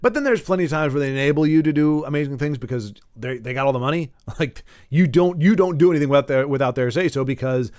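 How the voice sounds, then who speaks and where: A man's voice: fairly high pitch, quick pace, few pauses, a little mellow, no room sound, studio quality. A man talking alone on a podcast, rambling and emphatic, with frequent restarts and self-corrections. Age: adult who grew up with Nintendo. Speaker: podcast host. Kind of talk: solo podcast monologue.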